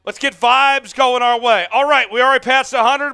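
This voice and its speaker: A man's voice: extremely high pitch, expressive, normal speed, hardly any pauses, bright, forceful tone, smooth, soft background music. A man hosting a live sports watch-along stream, fired up, calling the plays and reading out viewer comments. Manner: amped, hyped, calls plays and reads chat. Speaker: host.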